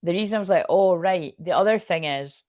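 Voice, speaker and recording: A Scottish tarot reader with a fairly low, slightly mellow voice talks a little fast. Her casual reading to camera rambles and chats along, with free swearing and frequent laughter, and there's no echo.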